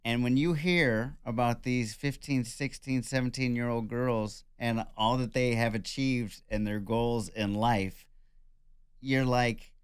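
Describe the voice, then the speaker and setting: Joking man in his forties, smooth voice. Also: medium pitch, steady tone, slow, no room sound, clean studio sound. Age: 40s. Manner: joking, wry asides. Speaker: podcast co-host. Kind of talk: casual chat.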